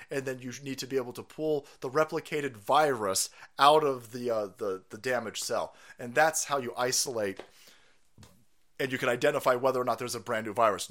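A man's voice: mid-range voice, a bit bright. A man, a streamer delivering a foul-mouthed, incredulous conspiracy rant.

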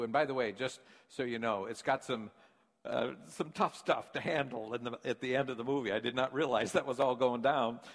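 A man's voice: mid-range voice, fairly bright tone. Older male pastor, folksy story sermon, long church echo. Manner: storytelling, folksy, asks the congregation questions. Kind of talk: conversational sermon. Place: church sanctuary. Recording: long church hall reverb.

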